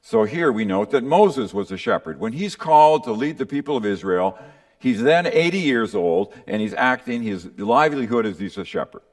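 A man's voice: mid-range voice, lively intonation, normal speed. A man preaching a conversational teaching sermon to his congregation, often checking in with the listeners with little tag questions. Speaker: pastor.

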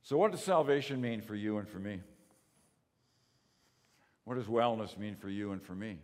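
A man preaching a sermon, emphatic, asking rhetorical questions and swinging from loud to soft. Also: fairly low pitch, moderate pace. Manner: emphatic, rises and drops in volume, rhetorical questions. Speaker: pastor. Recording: long reverb of a large hall.

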